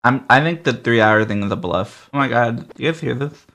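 A man's voice: medium pitch, normal speed, fairly bright tone. A man giving live commentary while playing a game and answering his chat with sarcastic remarks. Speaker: game streamer.

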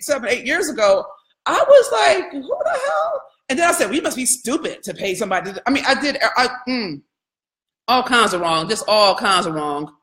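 Animated woman coach in a roomy echo. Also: fairly high pitch. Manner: candid, animated, swears freely, addresses audience as y'all. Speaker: business coach. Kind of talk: live business training talk.

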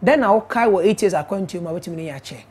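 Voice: medium pitch, lively intonation, rapid-fire, a little mellow, husky. A host with a Ghanaian accent giving a phone number and reading out viewer messages on a call-in show.

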